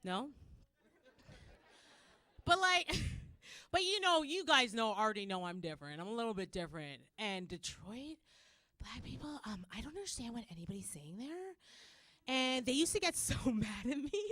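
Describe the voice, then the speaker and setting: A young Canadian woman with a Canadian accent doing a loud, animated stand-up set, acting out characters and laughing often. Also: fairly high pitch, moderate pace, long pauses, dry recording. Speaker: stand-up comedian.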